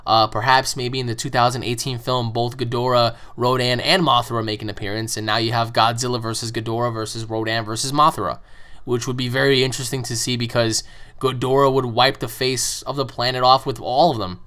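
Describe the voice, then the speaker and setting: Guy rambling thru fan mail questions, cursing, stumbles over his words, middle pitch. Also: flat delivery, fairly quick, pushed and bright. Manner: rambling, profane, repeats words, says man a lot. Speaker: channel host answering fan mail. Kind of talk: casual opinionated monologue.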